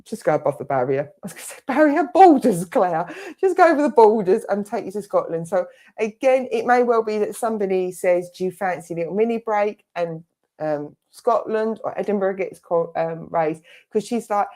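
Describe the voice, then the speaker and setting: At a spiritualist service streamed online, a middle-aged woman medium gives a clairvoyant reading in a chatty, conversational way, often slipping into quoted asides as she relays messages to the person she's reading for. Her mid-range voice is mellow, with lively intonation and a moderate pace.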